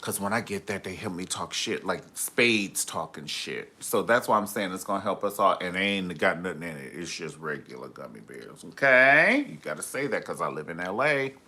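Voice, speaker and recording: Sassy, campy man with a lively voice. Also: sits low, moderate pace, hardly any pauses. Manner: sassy, campy, gossipy and theatrical. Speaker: host of a live review show. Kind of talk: live-streamed reality TV review chat.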